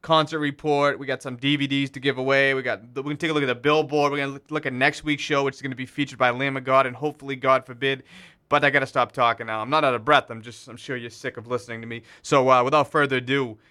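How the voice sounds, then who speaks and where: A man's voice: mid-range voice, steady tone, fast talker, bright, forceful tone. A man hosting a metal radio show from a small station studio, talking loosely with fillers and self-corrections as he introduces tracks. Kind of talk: casual radio show patter.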